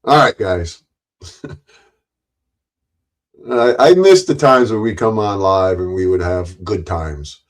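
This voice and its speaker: Low-voiced man rambling on a livestream. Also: slow, pauses often. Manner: rambling, laughs often, crude jokes. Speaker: livestream host. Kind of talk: casual livestream chat.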